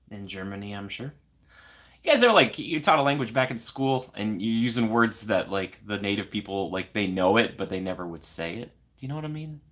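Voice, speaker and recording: A man's voice: on the low side, fairly bright tone. A man hosting a casual live stream who chats with viewers, answers their questions and greets them by name in an upbeat, sing-song way. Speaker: YouTube live stream host.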